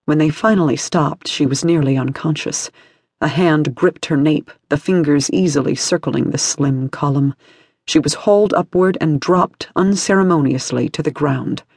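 Husky male audiobook narrator. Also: fairly high pitch, moderate pace, a little mellow, dry recording, studio quality.

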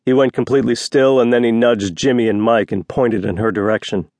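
A man narrating a romance novel as an audiobook reader, voicing each character with slight shifts of pitch. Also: steady tone, brisk, darkish tone, no room sound. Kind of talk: scripted narration.

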